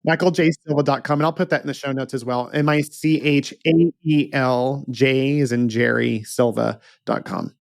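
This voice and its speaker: A man's voice: mid-range voice, steady tone, gravelly, no room sound, clean studio sound. Enthusiastic middle-aged podcast host man. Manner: enthusiastic, emphatic, quick to agree. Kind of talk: casual interview.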